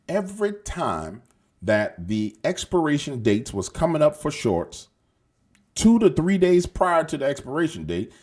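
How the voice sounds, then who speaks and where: A man's voice: fairly high pitch, slightly rough. A man hosting casual news commentary, slangy and emphatic, swearing and repeating himself as he rambles. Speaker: show host.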